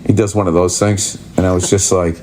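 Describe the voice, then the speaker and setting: A man's voice: low voice, level tone, brisk, darkish tone, a little hiss or hum. A male comedian telling an exasperated, profanity-filled story about bad service in a podcast rant.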